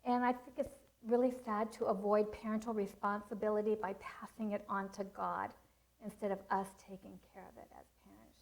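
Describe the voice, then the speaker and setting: A woman's voice: mid-range voice, flat delivery, normal speed, vocal fry, a little mellow, rough recording. A middle-aged woman giving a parenting seminar, telling stories and teaching in an earnest way. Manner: earnest, storytelling with acted quotes. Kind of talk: seminar talk with personal stories.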